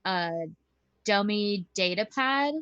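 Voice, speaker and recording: A woman at a gaming table explains her plan, thinking aloud as she goes. Her voice is bright and recorded dry, close to the mic. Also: medium pitch, lively intonation, slow pace, smooth, no room sound, muffled recording. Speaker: player. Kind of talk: casual tabletop game talk.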